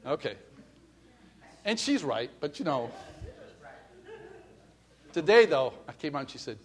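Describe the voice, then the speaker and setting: A middle-aged man preaching a sermon, acting out little scenes and swinging from soft asides to loud calls. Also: a little high, sing-song, measured pace. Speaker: pastor.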